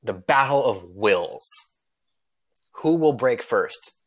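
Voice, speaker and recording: A man's voice: mid-range voice, expressive, slow, fairly bright tone. A man with a mid-range voice hosting a casual podcast, winding through a long joke with plenty of filler words. His delivery is loose and rambling, peppered with swearing, as he chats with his co-host.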